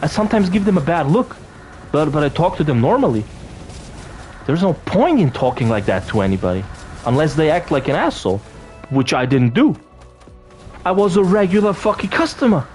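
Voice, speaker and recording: A young man rants through a storytime, profane and outraged. His voice sits fairly high and swings widely in pitch. Faint music plays underneath. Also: very animated, a little fast, long pauses, darkish tone. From Austria. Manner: profane, indignant ranting. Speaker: vlogger. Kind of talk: angry storytime rant.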